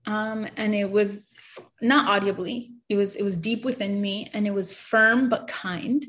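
A woman giving an earnest, emotional personal testimony, halting and stammering at times and often dropping to a soft, quiet voice. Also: mid-range voice, fairly even intonation. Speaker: person sharing a faith testimony.

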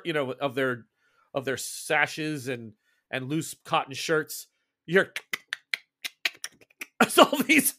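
Game master, male: slightly high voice, loose improvised narration, casual tabletop session. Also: pushed and bright. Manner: loose, rambling narration with restarts.

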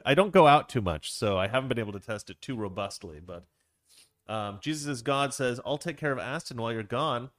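A man's voice: fairly low pitch, no room sound, clean studio sound. A man hosting a livestream, chatting casually, reading viewer comments and rambling through stories with frequent laughter. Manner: animated, rambling storyteller who laughs often. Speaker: livestream host.

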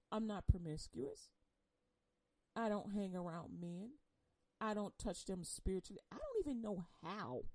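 A woman giving an impassioned personal testimony on air. She speaks emotionally and bluntly, swinging between loud outbursts and hushed confession. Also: medium pitch, no echo, low-quality recording. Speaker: churchgoer sharing a personal testimony.

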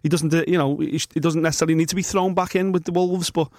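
A man's voice: a little high, fairly even intonation, very fast, darkish tone, dry recording, studio quality. A man hosting a podcast in casual chat, emphatic, opinionated and swearing. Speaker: podcast host.

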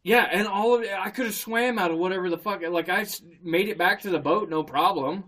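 Talking a little fast in a high-pitched voice, a man shares a story in casual chat. He's animated and profane, laughing often as he goes.

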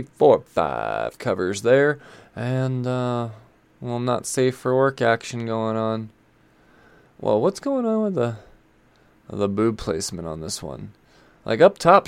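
A man's voice: fairly low pitch, no echo. Guy rambling about new comics, crude and chatty, dry close sound. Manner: rambling, chatty and irreverent, with frequent swearing and asides. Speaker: comic book video host. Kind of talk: casual commentary on upcoming comics.

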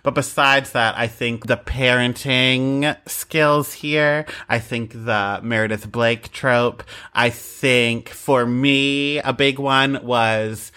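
Guy cohost, bright punchy voice, jokey, laughs a lot. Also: mid-range voice, fairly even intonation, slow pace, few pauses, smooth. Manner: playful, laughs while talking. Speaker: podcast co-host. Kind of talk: casual chat.

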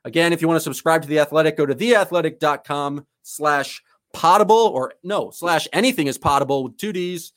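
A man's voice: on the high side, fairly quick, a bit bright, dry recording, clean studio sound. A man co-hosting a sports podcast in casual chat, rambling enthusiastically and calling himself the eccentric goofball. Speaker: podcast co-host.

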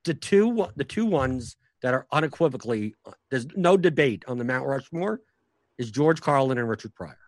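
A man's voice: mid-range voice, expressive, normal speed, no room sound. A man who is a stand-up comic, telling stories in a casual podcast conversation, rambling with many restarts and fillers. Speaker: stand-up comic and professional poker player.

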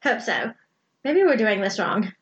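A woman co-hosting a book podcast in casual chat, chiming in with quick reactions and quips. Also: medium pitch, sing-song, highs cut off.

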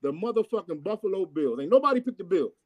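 Man, high voice, loud and brash, swearing, teasing viewers, casual sports chat. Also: very animated, fast. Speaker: co-host reading viewer comments.

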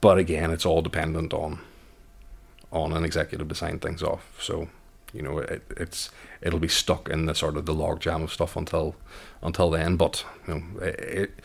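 A man with a Derry accent rambles hesitantly through his answer, leaning on fillers. His very low voice is gravelly and flat in pitch. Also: moderate pace. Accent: Derry, Northern Irish. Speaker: local guest.

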